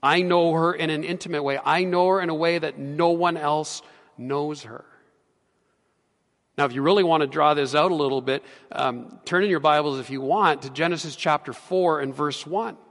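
A pastor delivers a sermon in an earnest voice that climbs to emphatic peaks. His voice sits a little high for a man. A long reverb trails each phrase, as in a church sanctuary. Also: normal speed, fairly bright tone.

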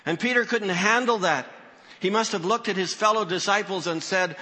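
A male pastor preaching a sermon in a church sanctuary, his voice bright and ringing. He tells the story with expression, dropping low and rising high as he acts out the quoted lines. A long reverb trails each phrase through the hall. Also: animated, brisk.

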